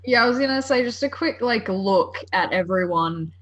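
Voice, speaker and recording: A woman's voice: mid-range voice, animated, normal speed, a bit bright, poor audio. A woman chatting casually as a player in a tabletop game, full of likes and ums. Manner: chatty, hedges with "like" and "um".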